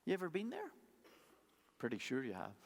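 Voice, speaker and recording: A pastor preaching a sermon, telling stories in a conversational way with playful asides. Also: male voice, fairly high pitch, wildly swooping pitch, brisk, gravelly. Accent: non-local accent. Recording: long hall reverb.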